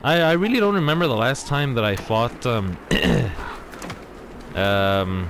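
A man's voice: medium pitch, slow, noisy background. A man casually commentating on his own gameplay, rambling and exclaiming often, a little out of breath. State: slightly out of breath. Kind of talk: casual let's-play commentary.

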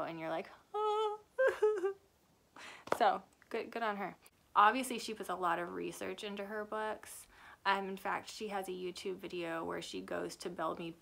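A woman's voice: on the low side, gravelly, a bit bright, slight background noise. A young adult woman and author giving a chatty, rambling book review that often corrects itself. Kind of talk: casual book review chat.

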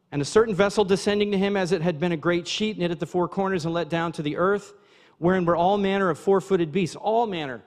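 High-voiced pastor preaching in a reverberant church. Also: male voice, quick pace. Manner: conversational preaching, asides to the congregation. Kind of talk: sermon. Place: church sanctuary.

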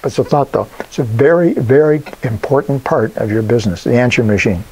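A man's voice: medium pitch, fast talker, husky, low-quality recording. Older man, business coach, casual and punchy, mid-range voice, folksy asides. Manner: animated, emphatic, folksy asides. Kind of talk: casual advice talk.

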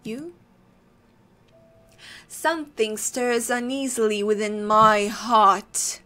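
A woman puts on a troubled gentleman's voice in an odd, put-on accent. The reading is slow and fairly high-pitched, grave and uneasy, like a player voicing a character in a spooky game. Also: soft background music. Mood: brooding. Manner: reads aloud in a put-on weird accent. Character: tormented gentleman haunted by a dark vision. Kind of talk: let's play dialogue reading.

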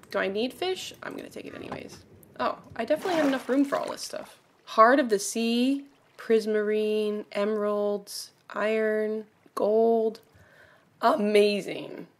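A woman giving casual commentary while playing a video game, excitable and gasping, often dropping to quiet murmurs. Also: a little high. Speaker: gaming streamer.

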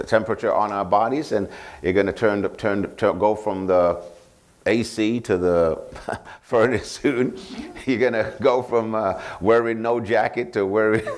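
A male pastor preaching a sermon, prompting the congregation to finish his phrases and repeating scripture references slowly for emphasis. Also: lowish voice. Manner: call-and-response, asking the congregation to finish his lines.

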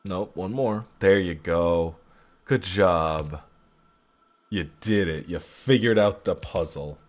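Young guy grumbling at himself while he plays, kinda low voice, casual let's play talk. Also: slow. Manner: self-critical, frustrated muttering at himself. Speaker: gaming channel host.

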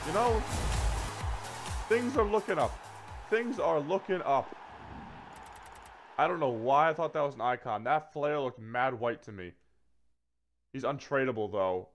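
A man giving casual commentary while opening packs in a video game, swearing freely and swinging between flat grumbling and excited shouts. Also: medium pitch, a little slow, long pauses, faint music behind. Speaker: gaming video creator.

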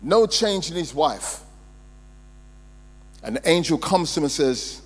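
A male pastor, preaching a sermon in a church hall and swinging between loud emphasis and quiet storytelling. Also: on the high side, lively intonation, a little slow. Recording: reverberant hall with mains hum.

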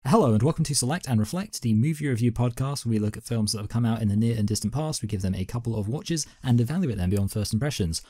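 A British man hosting a film podcast, joking with a dry, deadpan manner in casual banter. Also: medium pitch, fast, hardly any pauses. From Britain. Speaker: podcast host.

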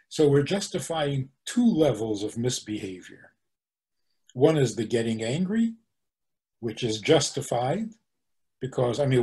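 A man, a rabbi, giving an animated teaching talk, posing rhetorical questions and answering them himself. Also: medium pitch, a little slow. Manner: animated, acts out the angry voices he quotes.

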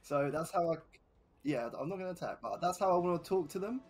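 A man taking part as a player in a tabletop game, talking casually with halting restarts. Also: high-pitched, expressive, slight background noise.

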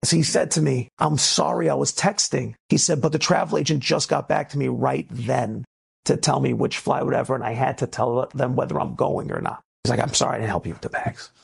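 Gravelly-voiced rabbi telling a story. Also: male voice, fairly quick. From United States. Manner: animated storyteller, swings between low asides and emphatic preaching. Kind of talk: inspirational storytelling talk.

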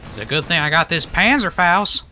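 Male streamer, bright voice, bouncy up-and-down delivery, jokey, laughs a lot. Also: on the high side, expressive, fairly quick, a little hiss or hum. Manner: joking, laughs often, swears. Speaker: streamer playing a war game. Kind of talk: casual gameplay commentary.

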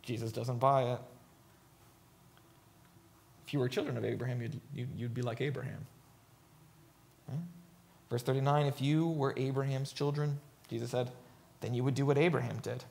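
A man's voice: mid-range voice, vocal fry, darkish tone. A man preaching a sermon, reading scripture aloud and commenting emphatically, often checking in with "right?".

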